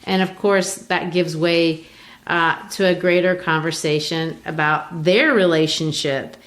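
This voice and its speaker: A woman from Brazil hosts a casual literature podcast, talking through a play in a chatty, explanatory way. Her voice sits slightly low, and she often restarts her sentences as she thinks aloud. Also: fairly even intonation, a little slow, a bit bright. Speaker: podcast host.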